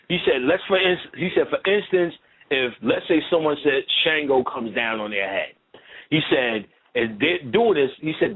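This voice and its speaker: A man with a husky, slightly breathy voice talks in loose, profane, rambling storytelling. His pitch swings widely and sits a little high for a man. The sound is thin and tinny, like a phone line. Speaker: lecturer. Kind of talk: casual conversational storytelling.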